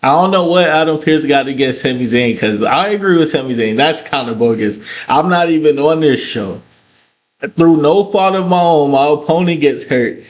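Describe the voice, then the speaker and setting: A man's voice: fairly high pitch, normal speed. A man recapping a wrestling show in a casual vlog, cursing freely and breaking into heated rants. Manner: profane, ranting, animated asides.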